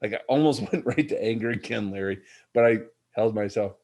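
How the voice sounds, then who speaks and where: Middle-aged male podcast guest, low-ish voice, earnest reflective storyteller. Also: a little fast, darkish tone. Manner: earnest, reflective, addresses the host by name. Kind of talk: personal storytelling in a podcast interview.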